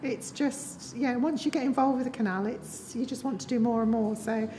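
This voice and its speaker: A woman chairing a trust meeting, making brisk, friendly announcements to the room. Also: on the high side, dark tone, slight background noise. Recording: hall reverb.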